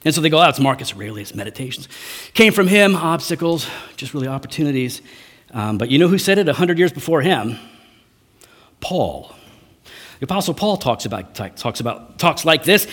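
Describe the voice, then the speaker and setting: A man's voice: high voice, a bit bright. A man preaching a sermon in a conversational way, often checking in with "right?". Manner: conversational, frequent "right?" tags.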